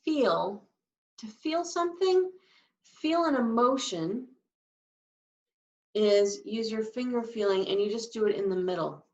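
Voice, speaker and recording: A woman's voice: on the high side, expressive, unhurried, long pauses, reverberant. A woman teaching sign language, patiently explaining each sign step by step. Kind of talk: slow, patient instruction. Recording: dull lo-fi sound, from a distance.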